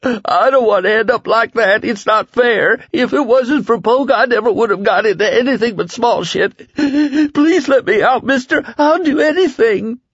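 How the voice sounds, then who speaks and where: A man voicing a terrified, starving young male prisoner who pleads in a high, shrill voice. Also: normal speed, fairly bright tone, breathy edge, dry recording, lo-fi sound, full character voice. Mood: pleading.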